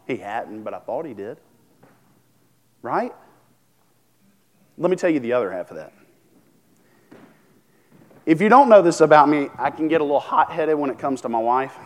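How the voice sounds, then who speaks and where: A man's voice: high-pitched, animated, a little fast, pauses often. A man preaching a sermon, talking casually, asking the congregation questions and restarting his sentences. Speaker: pastor.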